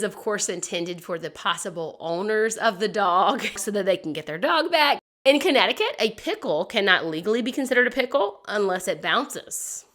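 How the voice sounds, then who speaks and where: A woman hosts a history podcast, walking through odd stories in a chatty, amused way. Her voice is bright and forward, and she laughs between points. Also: mid-range voice. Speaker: podcast host. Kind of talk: casual history storytelling.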